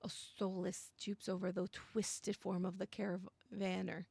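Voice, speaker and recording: Excitable young woman with gravelly fry. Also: mid-range voice, unhurried, hardly any pauses, dry recording. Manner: excitable, gasps and squeals at scary moments, mixes in Spanish. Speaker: streamer playing a visual novel. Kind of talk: reading game text aloud with reactions and chat.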